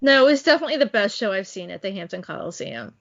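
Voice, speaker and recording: A woman's voice: mid-range voice, expressive, fast talker, vocal fry, fairly bright tone. A woman in her forties, co-hosting a podcast and eagerly reminiscing in a casual chat. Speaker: podcast co-host. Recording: dull lo-fi recording.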